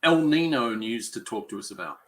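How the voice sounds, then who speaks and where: A man's voice: mid-range voice, animated, fairly quick, rough recording. A man co-hosting a podcast in casual, rambling chat full of fillers. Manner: rambling, chatty, many fillers. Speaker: podcast co-host.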